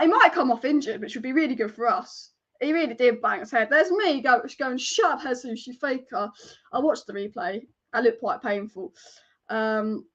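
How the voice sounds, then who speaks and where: A woman's voice: on the high side, fairly bright tone. A young woman hosting a live football watch-along, chatting and reacting, swearing at the referee. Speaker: football fan channel host. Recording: slightly dull lo-fi stream audio.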